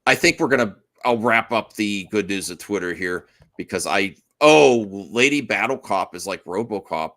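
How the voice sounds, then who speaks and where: A man's voice: lowish voice, expressive, moderate pace, hardly any pauses, fairly bright tone. A man hosting a podcast in casual chat, rambling and restarting his sentences and laughing often. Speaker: podcast host.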